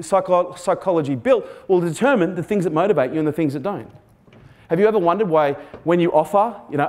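This keynote speaker, a man in his 40s on stage before a live crowd, has a high-pitched voice with a darkish tone. His motivational talk is blunt and full of swearing, and he quizzes the audience as he goes.

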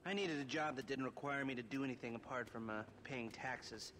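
A man's voice: medium pitch, a little fast, natural voice. A man voicing a secretive, shrewd older male heist planner, talking in a dry, clipped way. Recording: game audio with steady noise.

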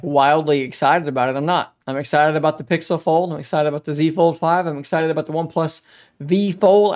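A man hosting a tech channel, giving his opinion in a conversational way and talking straight to his viewers. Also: high-pitched. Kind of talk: casual opinion vlog.

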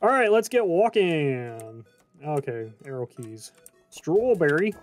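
A young man casually commenting on a video game as a channel host. He is chatty and jokey, and he swings from loud bursts to mumbling. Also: on the high side, very animated, slow, soft background music. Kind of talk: casual let's play commentary.

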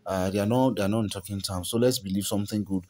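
A man's voice: fairly low pitch, fairly even intonation, fast, a little mellow. Chatty Nigerian man dishing gossip. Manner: repeats words and stumbles, chuckles often. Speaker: celebrity gossip vlogger. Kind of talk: chatty celebrity gossip commentary.

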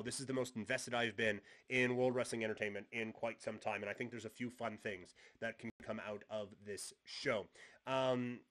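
A man's voice: mid-range voice, a bit bright. A man hosting a solo sports podcast, musing casually through predictions with frequent restarts and fillers. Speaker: podcast host. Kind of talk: solo wrestling preview podcast.

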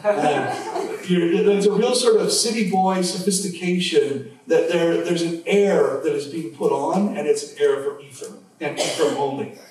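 A man's voice: on the high side, measured pace, a little mellow. A man preaching an expository sermon as pastor, conversational, with frequent restarts and fillers. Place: church sanctuary. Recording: very echoey church hall, mic at a distance, faint noise.

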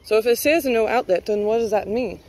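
A woman's voice: fairly high pitch, fairly quick, darkish tone, rough recording. Rambling woman vlogging on a walk. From United States. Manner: rambling, chatty, laughs often, talks to herself. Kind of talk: casual walking vlog. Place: outdoors on a residential street, walking.

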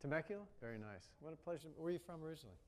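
A man serving as a senior Navy officer, chatting and joking with sailors and their families at a photo line. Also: a little high. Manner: friendly, joking, asks quick questions. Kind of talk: casual greetings at a group photo line. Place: large naval base gathering. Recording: lively crowd around the speaker. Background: crowd of sailors and families.

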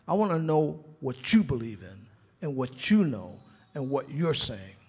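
Husky New pastor preaching. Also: male voice, medium pitch, very animated, measured pace, darkish tone. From New York. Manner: repetitive rhetorical questions, conversational preaching. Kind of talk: sermon.

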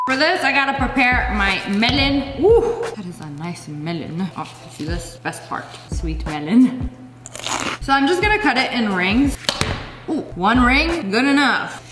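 A woman's voice: sits high, sing-song, measured pace. Playful woman vlogger over music. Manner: playful, jokey, exclamatory. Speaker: YouTube host. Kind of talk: casual vlog commentary. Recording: echoey room with music behind.

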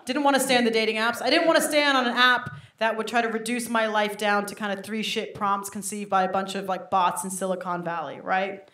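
A woman's voice: mid-range voice, fairly quick, few pauses. A woman doing a stand-up comedy set, telling self-mocking stories and talking straight to the crowd. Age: 30s. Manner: animated, self-mocking storytelling with frequent asides to the crowd. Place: comedy venue with a live audience. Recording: roomy live venue recording.

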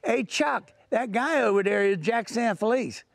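A man voicing a store clerk behind the counter who tries to calm a tense moment. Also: very high voice, unhurried, vocal fry, no room sound, studio quality, pitched above the performer's own voice, exaggerated voice. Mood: pointed.

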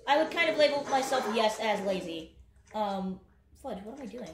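A woman's voice: a little high, animated, normal speed, noisy background. A woman casually commentating her gameplay at home, rambling and chatting with the game as she plays. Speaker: gaming channel host. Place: home room. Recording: echoey room with game music. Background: game music.

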